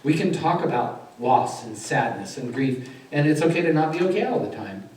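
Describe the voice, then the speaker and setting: A man speaking as a chaplain at a conference, telling a story with lively acted-out dialogue. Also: on the high side, normal speed. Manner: animated storyteller acting out a child counseling session. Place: conference hall. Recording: echoey hall, far from mic, faint noise.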